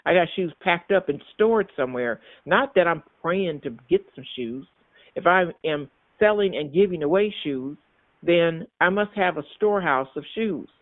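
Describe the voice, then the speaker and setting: A man's voice: fairly high pitch, animated, moderate pace, dry recording. Man preaching over a tinny line. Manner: repetitive, emphatic preaching with restarts. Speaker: minister. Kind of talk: sermon. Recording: tinny phone-like sound, dry.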